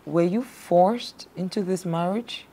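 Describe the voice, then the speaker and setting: An actress playing a counseling show host who calmly and steadily urges her guests to calm down. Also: fairly low pitch, takes it slowly. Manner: calm, soothing, repeatedly pleads for calm. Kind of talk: scripted drama acting.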